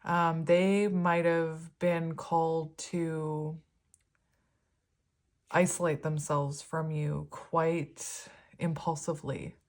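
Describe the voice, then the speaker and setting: A woman giving a tarot reading, reading card meanings aloud and talking them over in a gentle, rambling way. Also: low voice, flat delivery, very slow. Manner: gentle, rambling, with frequent fillers and soft laughs. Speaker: tarot reader.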